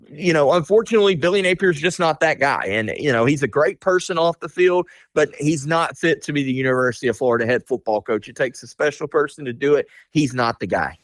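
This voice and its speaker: A man speaking as a guest insider on a radio sports talk interview, candid and blunt, often filling pauses with "you know" and "um". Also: mid-range voice, no echo.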